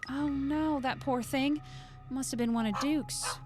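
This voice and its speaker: A woman's voice: sits high, steady tone, measured pace, music in the background. A woman voicing an elderly female pug with a prim Southern belle accent. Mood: fretful. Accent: American Southern belle.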